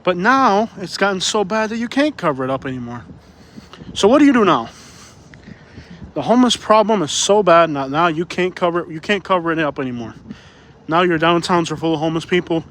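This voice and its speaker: A man's voice: high voice, animated, a little fast, a bit bright, a little hiss or hum. A man live-streaming while walking city streets, a little out of breath, rambling and repeating himself as he reads chat aloud.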